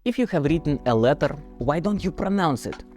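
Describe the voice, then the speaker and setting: A man from Russia with a Russian accent, giving a comedic English pronunciation tutorial in a deadpan, mock-stern manner. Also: on the high side, fairly quick, faint music behind. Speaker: English teacher.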